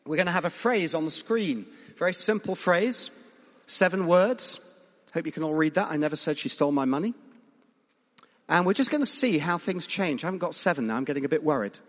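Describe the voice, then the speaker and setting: A man's voice: fairly high pitch, lively intonation, a little fast, fairly bright tone. A man preaching a conversational sermon, asking the congregation questions and making emphatic points. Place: church hall. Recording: long reverb of a large church.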